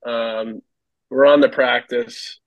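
A man's voice: mid-range voice, steady tone, takes it slowly, dry recording, highs cut off. Laughing, rambling man telling stories. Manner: rambling, laughs often, peppers speech with "like". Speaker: podcast guest, former hockey goalie. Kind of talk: casual storytelling.

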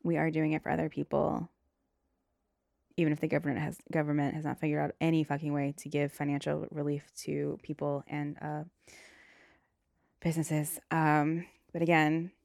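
A young woman talks through a casual solo podcast with blunt, profane stories. Her voice sits a little low with a gravelly edge, and the sound is close and dry. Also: little pitch movement, normal speed, a little mellow, no room sound. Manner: blunt, profane storytelling with acted outbursts. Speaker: podcast host.

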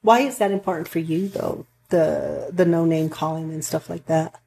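A woman's voice: sits low, normal speed, vocal fry, dark tone, a little hiss or hum. A woman counselor talking earnestly in a casual chat, rambling a bit with restarts as she tells stories. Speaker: counselor for couples and families.

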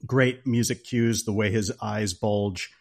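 A man's voice: on the low side, fairly even intonation, slow, gravelly. Enthusiastic man on a film podcast. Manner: enthusiastic, playful. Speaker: podcast co-host. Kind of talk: casual podcast film discussion.

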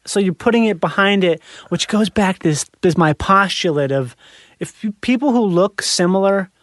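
A man chatting casually in an animated, rambling way, full of fillers and quick laughs. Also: high-pitched, no echo, clean studio sound. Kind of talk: casual chat.

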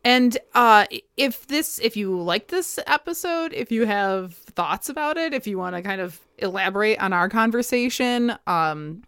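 Earnest halting woman podcast cohost. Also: medium pitch, expressive, a bit bright, smooth, no echo, clean studio sound. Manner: earnest and halting, restarts with fillers. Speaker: podcast co-host. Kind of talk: casual podcast chat.

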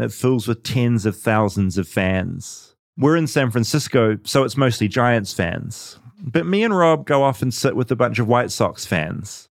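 A chatty, self-deprecating man with a New Zealand accent hosts a podcast. His voice sits on the low side and is recorded dry and close. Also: vocal fry, dry recording. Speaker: podcast host. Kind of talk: podcast narration and chat.

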